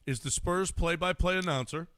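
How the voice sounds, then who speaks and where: A man's voice: high voice, moderate pace, fairly bright tone, dry recording. Wry, teasing radio man. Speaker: radio sports show co-host. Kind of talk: casual radio banter.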